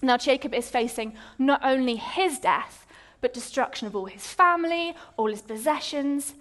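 Brief: high-pitched woman delivering a sermon with dramatic, storytelling flair. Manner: lively storytelling, dramatic pauses. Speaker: preacher.

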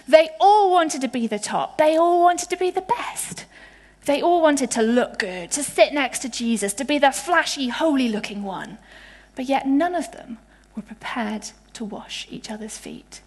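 A young woman from England preaching with a high voice. She talks in a chatty, playful way, full of asides and vivid storytelling. Her voice carries a long echo, as in a large hall. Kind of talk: sermon. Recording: reverberant hall.

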